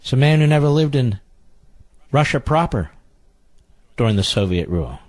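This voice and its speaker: A man's voice: medium pitch, big pitch swings, normal speed, a little mellow, no echo. Indignant man repeating lines, dry studio. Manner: indignant, repeats phrases for emphasis. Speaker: radio talk show host. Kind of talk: political talk radio monologue.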